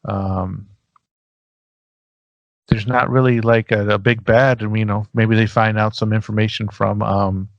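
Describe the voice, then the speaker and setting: A man's voice: on the low side, little pitch movement, a little slow, gravelly, long pauses, dry recording, dull audio. A man co-hosting a podcast in casual chat, easygoing and hesitant, with many fillers. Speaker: podcast co-host.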